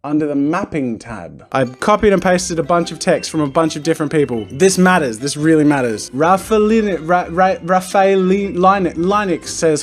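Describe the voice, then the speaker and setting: A young Australian man streaming a let's play, excitable and joking, with loud outbursts. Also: on the high side, normal speed, faint music behind. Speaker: streamer and artist.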